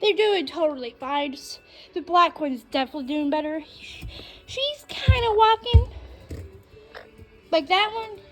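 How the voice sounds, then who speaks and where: A woman's voice: extremely high pitch, lively intonation, a little slow, long pauses, soft background music, poor audio. A woman chatting casually to her viewers while walking around a backyard outdoors, filming herself on a phone. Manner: chatty, talks to viewers as guys. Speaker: vlogger. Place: outdoors in a backyard with trees and chickens. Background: faint wind noise.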